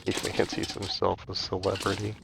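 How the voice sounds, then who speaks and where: Gravelly low-voiced rambling man. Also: completely flat delivery, normal speed, very noisy. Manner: rambling, chatty, many "like" fillers. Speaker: gaming channel host. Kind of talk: casual storytelling over gameplay.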